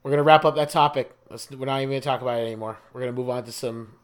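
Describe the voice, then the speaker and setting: A man's voice: medium pitch, fairly even intonation, racing. Young jersey guy rambling on a podcast, lots of likes and um, restarts mid sentence. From New Jersey. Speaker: podcast co-host. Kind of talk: casual chat.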